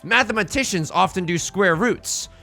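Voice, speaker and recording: A man streaming a mahjong game and bantering with his chat in a hyped, self-mocking way, building up jokes and reacting loudly to risky plays. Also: sits high, moderate pace, faint music behind. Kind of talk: live-streamed mahjong commentary.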